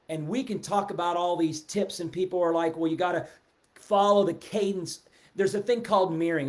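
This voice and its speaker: A middle-aged man giving a casual, animated sales talk on a live stream, seated and reading out viewer comments. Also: a little high. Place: indoors, seated in a chair. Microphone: webcam or phone at a desk, seated.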